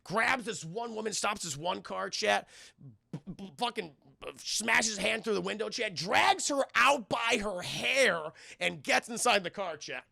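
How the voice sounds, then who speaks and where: A man with a gravelly, fry-laden voice that sits high for a man, recapping an action movie scene by scene for his live chat. He swears constantly, keeps calling out to the chat and jumps into short acted bits of dialogue. His tone is bright and sharp, and the sound is dry and close. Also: normal speed, no echo. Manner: profane, keeps addressing the chat, acts out movie lines. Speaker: film reviewer and streamer. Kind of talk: casual scene-by-scene film recap.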